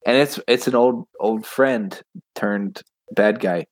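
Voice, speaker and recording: A man's voice: fairly low pitch, slow. A young man from West Virginia co-hosting a podcast, casually retelling book scenes with jokes and swearing. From West Virginia, USA. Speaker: podcast co-host.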